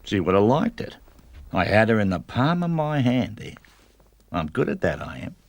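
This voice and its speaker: A bumbling Australian retiree. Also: male voice, on the low side, big pitch swings, creaky. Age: 60s. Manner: rambling, halting, fumbling for words. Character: retired working-class husband, bumbling would-be joker. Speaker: retired working-class husband. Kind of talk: scripted TV sitcom acting.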